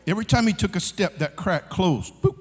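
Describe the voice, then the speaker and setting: Man, preacher, high voice, animated comic storytelling, long hall reverb. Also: fairly quick, breathy edge. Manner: animated storytelling, shouting and laughing. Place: large conference hall.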